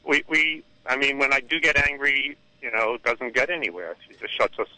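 A man's voice: mid-range voice, sharp tone, poor audio. Hesitant middle-aged father on call-in radio. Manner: hesitant, halting, restarts. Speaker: caller. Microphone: phone.

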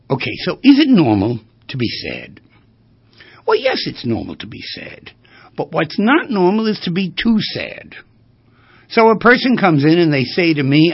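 Male therapist giving a lecture-style talk, raised pitch, gravelly and husky, quite dry audio. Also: no room sound. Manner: animated, asks rhetorical questions. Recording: dull lo-fi recording.

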